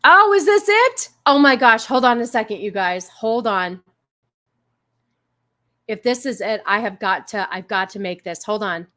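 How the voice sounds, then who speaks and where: A woman's voice: on the high side, animated, measured pace, sharp tone. A woman hosting a casual livestream, chatty and rambling with many fillers. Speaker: livestream host.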